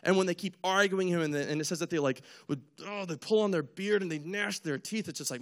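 A young man preaching in a casual, lively way, retelling a story and acting out its people with jokes at his own expense. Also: high voice, brisk. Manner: animated storyteller, acts out characters, jokes at himself.

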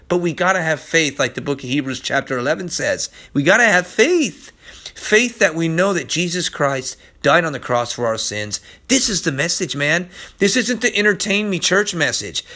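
A man's voice: high voice, pushed and bright. A man preaching a podcast sermon, urgent and pleading, who keeps repeating "listen" to his listeners. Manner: impassioned, pleading.

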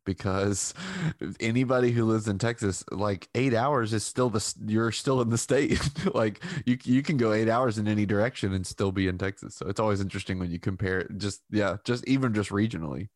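A man co-hosting a podcast, making relaxed, offhand remarks. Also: on the low side, brisk, dry recording, clean studio sound. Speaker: podcast co-host. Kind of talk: casual podcast interview.

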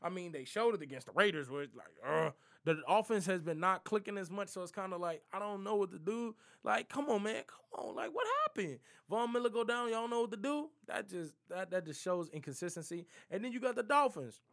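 High-voiced young man talking trash. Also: brisk, creaky, hardly any pauses. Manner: slangy, animated trash talk. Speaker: sports prediction vlogger. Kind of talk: casual NFL picks monologue.

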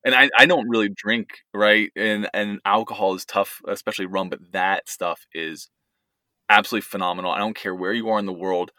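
A man's voice: fairly low pitch, fairly even intonation, fairly quick, pushed and bright, dry recording, clean studio sound. A man in his thirties co-hosting a podcast, chatting easily and rambling a little, often restarting his sentences. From United States. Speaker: podcast co-host. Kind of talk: casual family chat.

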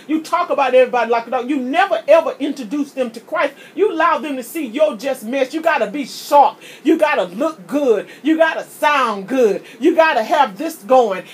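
A woman preaches a sermon. She speaks with fervor and stacks up repeated words as she drives her points home. A faint noise floor sits behind her. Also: high voice. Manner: impassioned, preachy, repeats words when starting a thought.

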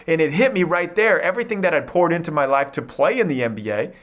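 A man in his thirties from Iowa, telling his life story as a podcast guest in an animated, energetic way. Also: a little high, fast talker, hardly any pauses. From Iowa, USA. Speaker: podcast guest, mindset coach. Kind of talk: storytelling interview.

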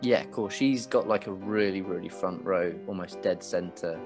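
A man narrating a tabletop game as game master, relaxed and chuckling, with many fillers. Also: low voice, moderate pace, music in the background.

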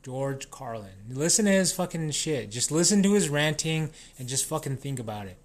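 A man's voice: on the high side, lively intonation, moderate pace. A man in a casual, rambling rant, swearing constantly and restarting his sentences. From New Mexico.

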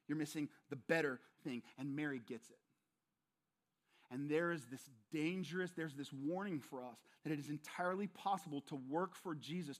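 A male pastor preaching a sermon, emphatic and repetitive, often speaking straight to his listeners. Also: on the high side.

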